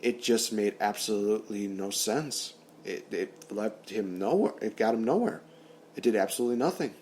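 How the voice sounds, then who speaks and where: A man hosting a wrestling podcast, excitedly retelling an imagined storyline and acting out the wrestlers' lines and sound effects. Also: lowish voice, moderate pace, a little hiss or hum. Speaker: podcast host. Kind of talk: fantasy booking recap, casual podcast talk.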